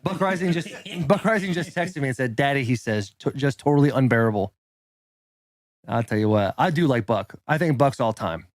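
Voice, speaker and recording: A man co-hosting a podcast in casual, joking banter, rambling through stories and doing quick impressions. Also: mid-range voice, expressive, dry recording. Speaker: podcast co-host.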